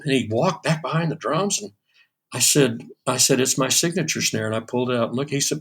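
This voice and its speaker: A man's voice: mid-range voice, fast talker, creaky, a bit bright, husky. A man in his sixties, a session drummer, telling stories in an interview with many fillers and restarts. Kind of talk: storytelling in a podcast interview.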